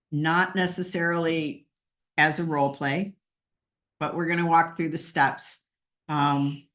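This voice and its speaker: A woman hosting a casual team talk, chatty and joking, with frequent fillers. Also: on the low side. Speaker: host. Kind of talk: casual team meeting chat.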